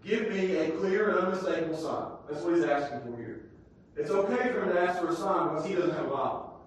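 Man preaching with a high voice, goes from shouting to almost whispering, very echoey church, mic far off. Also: brisk, a little hiss or hum. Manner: dramatic swings from shouting to hushed tones. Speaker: pastor. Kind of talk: sermon. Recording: echoey room, distant from mic.

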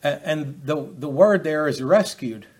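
A man preaching a verse-by-verse Bible lesson, talking in a halting way with many fillers and restarts. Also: fairly high pitch, a little mellow. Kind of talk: expository Bible teaching.

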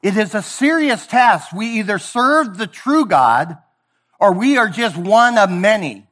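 A man preaching a sermon, emphatic and sometimes sarcastic, swinging from booming lines to hushed ones. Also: animated, a little slow. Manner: sarcastic mock praise.

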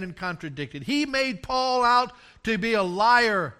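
This older preacher has a very high, expressive voice with a clean tone and a measured pace. He shares a story from his time as a pastor, swelling into loud, forceful climaxes.

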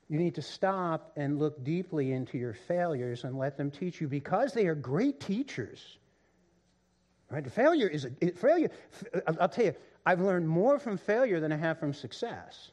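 Unhurried, a preacher works through his sermon by swinging from loud fervor to low, quiet stress, often saying words again as the point grows.

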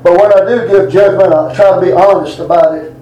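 A man's voice: high voice, fairly even intonation, fairly quick, mellow, far from the mic, highs cut off. A middle-aged man preaching a folksy sermon to a responsive congregation. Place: church sanctuary. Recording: echoey church room.

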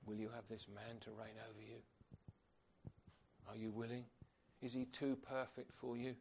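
A man's voice: mid-range voice, level tone, normal speed, creaky, a little mellow, slight background noise. A man preaching a sermon, earnest and emphatic, asking rhetorical questions of his congregation.

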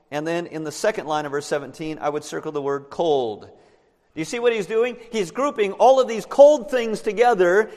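A man preaches in a high voice, explaining scripture verse by verse. He often turns to the congregation with questions. His voice carries a long reverb from a church sanctuary. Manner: explanatory, asks the listeners questions. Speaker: pastor. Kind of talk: sermon.

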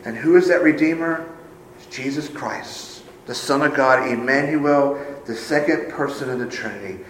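Male pastor, mid-pitched, preaching from the pulpit, shifting from hushed to emphatic, with room echo and faint background noise. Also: normal speed. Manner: swings from hushed low phrases to raised emphatic ones. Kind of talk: sermon. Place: church sanctuary.

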